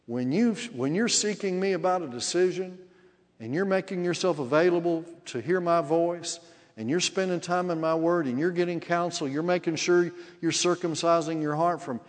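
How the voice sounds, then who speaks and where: A man voicing God as a calm, fatherly male presence, speaking slowly and reassuringly in a hushed, lowered voice. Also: lightly acted. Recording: long hall reverb.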